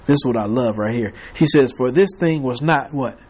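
A man's voice: mid-range voice, normal speed, darkish tone. A man teaching a Bible class, reading scripture aloud and prompting the class to fill in the words, with chuckling asides.

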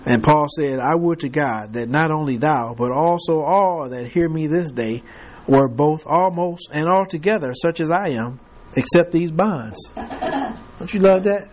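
Lively Bible teacher, a man with a higher voice. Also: unhurried. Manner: reads scripture aloud, then asks the class to fill in words.

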